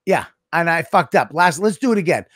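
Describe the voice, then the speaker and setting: A man with a Boston accent, hosting a casual podcast chat in a blunt, profane, gruff way. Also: on the high side, animated, fairly quick, a bit bright, dry recording, studio quality. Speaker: podcast host.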